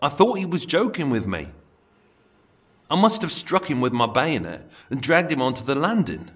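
A man's voice: mid-range voice, big pitch swings, normal speed, voice pushed up, natural voice. A man voicing a shaken middle-aged man who cannot believe what he has done, speaking in a trembling, disbelieving way.

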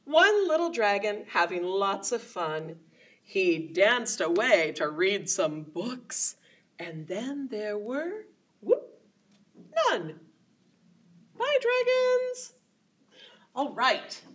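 A woman's voice: mid-range voice, a bit bright, slightly rough. A woman children's librarian leading storytime, with sing-song rhymes and coaxing questions to young children. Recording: voice a little distant from the mic.

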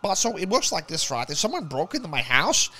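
Young man, swings his pitch all over, bright edgy tone, slangy casual chatter. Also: big pitch swings, a little fast, a little hiss or hum. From Australia. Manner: slangy, swears a lot, says bro constantly. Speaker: game streamer chatting out of character. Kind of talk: casual voice chat.

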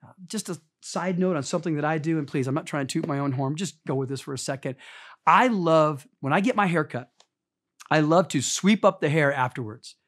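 A middle-aged man preaching a sermon as pastor, earnest, moving from loud emphasis down to soft, hushed storytelling. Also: a little high, fairly quick.

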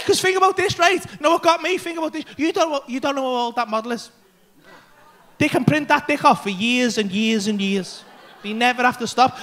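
A man in his thirties performing a stand-up comedy set on a club stage, telling a brash, sweary story with bursts of shouting into a handheld mic. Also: extremely high pitch, quick pace, a little hiss or hum.

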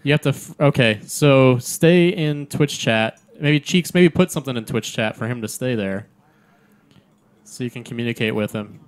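A man's voice: mid-range voice, expressive, normal speed, smooth. A man in mid range co-hosting a casual gaming podcast. His delivery is dry and teasing, full of offhand jabs at his co-hosts. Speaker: podcast co-host.

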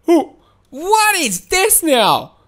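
A woman giving excitable, giggly live commentary while playing a game. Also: extremely high pitch, extremely slow. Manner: excitable and giggly, frequent laughs and exclamations. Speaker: gaming video host.

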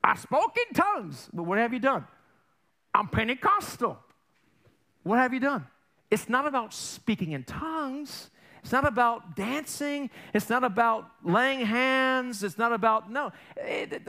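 A male pastor preaching a sermon in a church, animated and conversational, acting out little family exchanges in quoted voices. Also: very high-pitched, normal speed. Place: church sanctuary.

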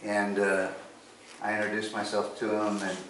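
A man's voice: lowish voice, monotone, moderate pace, fairly bright tone, slight background noise. A man preaching a sermon, telling a personal story in an earnest way and acting out the conversations. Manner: earnest storytelling, acts out dialogue. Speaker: pastor. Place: church sanctuary. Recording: echoey church from a distance.

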